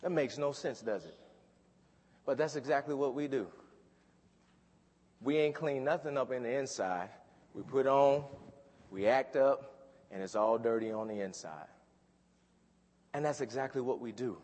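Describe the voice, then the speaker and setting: Man, pastor, sermon, husky voice, fervent preaching, long church reverb. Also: medium pitch, a little mellow. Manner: preaching with rising fervor, drawn-out scripture reading.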